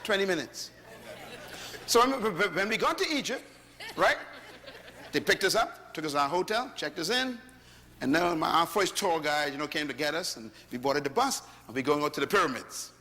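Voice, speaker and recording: A man with a Bahamian accent preaching a sermon to a congregation, telling stories with rising shouts. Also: a little high, moderate pace, big-room sound, slight background noise. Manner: animated storytelling, rising to shouts. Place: large hall before a congregation.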